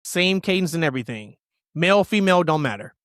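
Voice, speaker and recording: A man co-hosting a casual wrestling podcast, opinionated and emphatic, rushing through tangents. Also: fairly high pitch, animated, fairly bright tone, no echo, studio quality. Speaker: podcast co-host.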